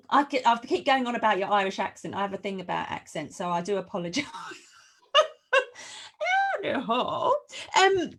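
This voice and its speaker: A woman's voice: mid-range voice, a bit bright. A chatty, apologetic woman hosting an online summit interview over a video call from her home in New Zealand. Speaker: summit host.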